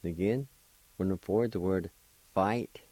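A man's voice: deep voice, moderate pace, darkish tone, dry recording, rough recording. A man teaching a radio language lesson, patient and encouraging as he spells words out one letter at a time, on a close studio microphone.

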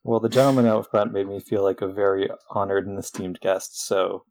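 A man's voice: fairly low pitch, fairly even intonation, brisk, darkish tone, slight background noise. A man playing a tabletop role-playing game, talking in a genial, mock-polite way. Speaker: player. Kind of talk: in-character play at a tabletop game.

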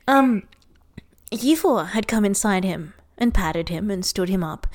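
A woman's voice: mid-range voice, a little mellow. A tipsy woman reading fan fiction aloud, giggling and breaking off into mock-dramatic asides. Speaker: reader.

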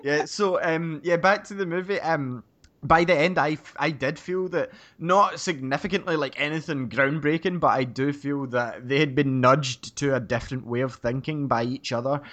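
A man's voice: fairly high pitch, moderate pace, fairly bright tone. A Scottish man co-hosting a podcast, chatting casually about films with frequent ums and easy laughter. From Scotland. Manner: hesitant, many ums, laughs easily. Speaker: podcast co-host.

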